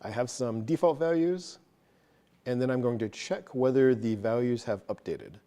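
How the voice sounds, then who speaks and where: A man at a tech meetup, medium-pitched with a dark tone, casually talks the room through code one step at a time. His live technical walkthrough includes asides that poke fun at himself.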